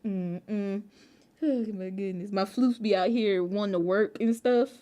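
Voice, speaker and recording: A woman streaming a game from home, chatting casually with her viewers in an animated, slangy way. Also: medium pitch, a little slow. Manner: animated, slangy, bursts into laughter.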